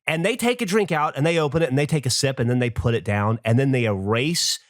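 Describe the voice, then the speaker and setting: A man's voice: mid-range voice, fast talker, no room sound, studio quality. A middle-aged man co-hosting a podcast, ranting with exasperation and acting out little scenes in casual chat. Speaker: podcast co-host.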